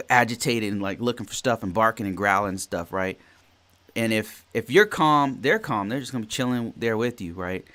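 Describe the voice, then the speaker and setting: A man's voice: mid-range voice, a bit bright. A man in his forties hosting a podcast, telling a work story in a rambling way, often repeating and restarting phrases. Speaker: podcast host. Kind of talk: casual solo podcast talk.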